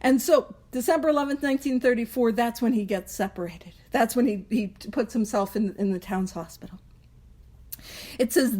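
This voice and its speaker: A young woman with a slightly high voice leads a casual book study group, chatting and joking as she goes. She is self-deprecating, laughs often and slips into quick voices for the people in the story. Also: darkish tone.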